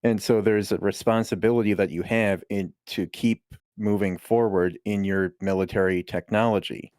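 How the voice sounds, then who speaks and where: A man with a very deep voice, recorded dry and close, making his argument in a measured way. He speaks in a casual group discussion. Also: steady tone, darkish tone, smooth, dry recording. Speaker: watch-along participant.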